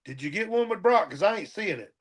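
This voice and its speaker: A man's voice: sits high, lively intonation, quick pace. A man co-hosting a podcast, mostly backing up the story with short, joking remarks in casual chat. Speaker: podcast co-host.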